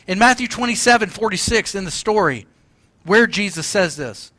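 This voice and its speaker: A man's voice: high-pitched, lively intonation, normal speed, sharp tone, no echo. A man preaching a sermon, passionate and emphatic, at times crying out the words he quotes. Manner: impassioned, crying out quoted lines. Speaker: pastor.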